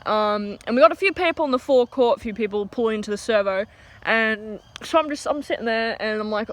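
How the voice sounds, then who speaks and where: Recorded outside, this teen vlogger's fairly high voice moves at a fairly quick clip. She has an Australian accent and giggles and chats her way through a filler-heavy storytime rant.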